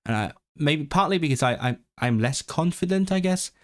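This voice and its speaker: A man whose voice is on the high side talks at a moderate pace, casually streaming about learning languages on a desk microphone. He reads chat, thinks aloud with many restarts, and switches into learner's Welsh with lively intonation. English is his first language.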